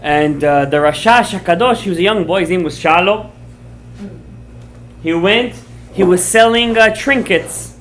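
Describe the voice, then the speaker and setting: A fairly high-pitched man teaches a Torah class, his voice rising and dropping as he acts out a story. He checks words with his listeners and mixes Hebrew terms into his speech. A faint hiss sits under the voice. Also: a little slow. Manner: animated storyteller, acts out quoted lines, checks words with the audience.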